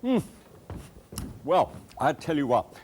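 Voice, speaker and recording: Lively chatty man hosting a cooking show. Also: on the high side, slow, slight background noise. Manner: chatty, enthusiastic, folksy anecdotes. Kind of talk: cooking show chat and storytelling. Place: TV kitchen set.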